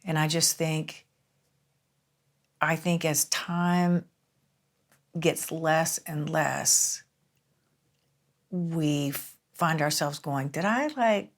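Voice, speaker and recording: A woman in her sixties, a singer-songwriter guest, telling stories in a relaxed, reflective dinner conversation. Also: low-pitched, very slow, pauses often. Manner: reflective storytelling, lively and animated.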